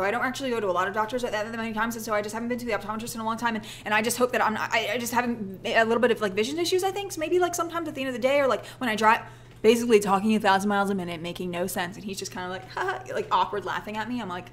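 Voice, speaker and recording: A woman's voice: fairly high pitch, fairly bright tone, slight background noise. A young woman telling a rambling, self-deprecating story in a casual vlog, acting out the people she quotes. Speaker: vlogger.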